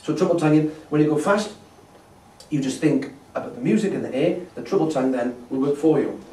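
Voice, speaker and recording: A man's voice: a little high, fast, dark tone, faint music behind. A man teaching a brass masterclass, patiently explaining and demonstrating tonguing syllables. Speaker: brass instructor. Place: festival hall. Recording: echoey hall from a distance.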